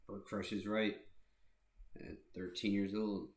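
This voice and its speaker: A man with a lowish voice makes crude, sarcastic asides on a stream. His voice rings in a roomy, echoey space. Clicking sounds are heard around him. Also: flat delivery, takes it slowly. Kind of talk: casual chat.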